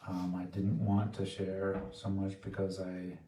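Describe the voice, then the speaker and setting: A man giving a heartfelt devotional offering in a temple hall, earnest and soft-spoken, halting and restarting his sentences. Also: deep voice, monotone. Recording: echoey room, distant mic, faint noise.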